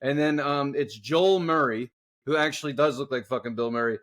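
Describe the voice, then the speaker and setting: A man co-hosting a podcast, telling a workplace story in casual, profane chat and acting out the people in it loudly. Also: mid-range voice, normal speed. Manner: swearing storyteller, loud animated reenactments. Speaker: podcast co-host.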